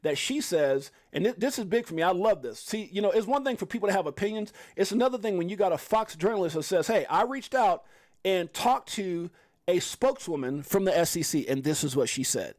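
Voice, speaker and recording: A man hosting a casual crypto livestream, talking in an excitable, rambling way with mocking asides. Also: high-pitched, brisk, dry recording.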